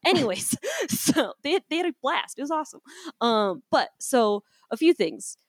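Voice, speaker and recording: A woman co-hosting a podcast in casual chat, telling animated stories and acting out the people in them, with some casual swearing. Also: high-pitched, moderate pace, no room sound, studio quality. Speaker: podcast co-host.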